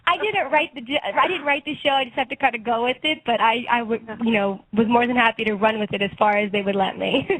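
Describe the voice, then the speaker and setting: Chatty young woman, bright-pitched. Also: a little fast, few pauses, low-quality recording. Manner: chatty, laughs often between phrases. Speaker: guest actress and singer. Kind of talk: casual interview.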